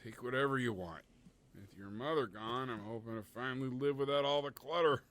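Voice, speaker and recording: An actor playing a gentle widowed father, speaking softly and tenderly in a video game. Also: mid-range voice, brisk, slight background noise, close to an everyday voice. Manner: soft, subdued, tender delivery.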